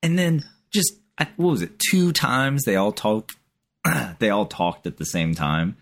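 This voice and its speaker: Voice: medium pitch, lively intonation, measured pace. A speaker reacting to a call-in clip with amusement, mimicking the callers' voices.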